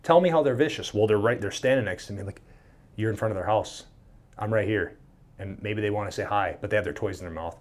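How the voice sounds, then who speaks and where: A man with a fairly low voice tells a story in a loose, casual way. He is a podcast guest, and he gets animated, swears freely and acts out the quoted dialogue. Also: brisk. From Minnesota.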